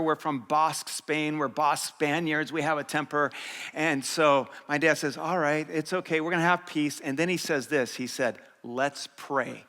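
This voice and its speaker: A middle-aged man, a pastor, preaching a sermon full of lively personal stories. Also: fairly high pitch, big-room sound. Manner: animated, lively storytelling with laughter. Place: church.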